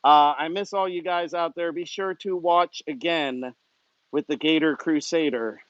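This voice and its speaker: A young man, a zookeeper and gator wrestler, chatting casually on a live stream, talking warmly to his animals and to viewers. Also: a little high, measured pace, no room sound, lo-fi sound.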